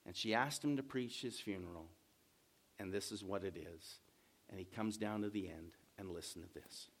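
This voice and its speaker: A man pastor preaching a sermon slowly and emphatically, often rising to loud stresses. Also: deep voice.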